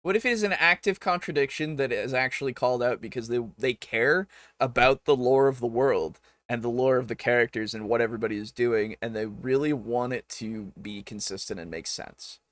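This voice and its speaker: A man reacting to videos as host, arguing with what he hears in an animated, talkative way and laughing often. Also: mid-range voice, fairly quick, dry recording. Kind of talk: casual reaction commentary.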